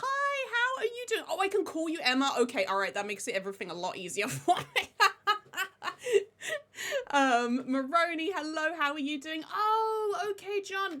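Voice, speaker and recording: A chatty woman talking casually on a live stream, her voice pitched high and bright. She greets her viewers one after another by name.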